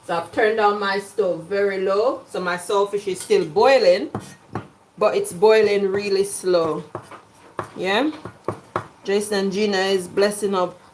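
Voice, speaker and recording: Slow-talking Jamaican woman, chatty cook. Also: mid-range voice, steady tone, noisy background. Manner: chatty, jokey, laughs often. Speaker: cooking vlogger. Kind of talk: casual cooking chat. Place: home kitchen.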